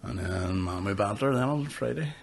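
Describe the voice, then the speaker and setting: A man's voice: lowish voice, expressive, normal speed, gravelly, slight background noise. A man, a comedian hosting a podcast, telling sweary stories in casual chat and laughing often.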